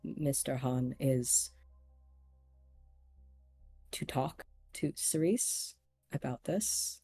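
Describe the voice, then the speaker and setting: Woman voicing a soft-spoken reserved executive. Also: extremely low pitch, breathy edge, faint music behind, exaggerated voice. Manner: quiet, measured, hesitant. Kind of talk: tabletop role-play voicing.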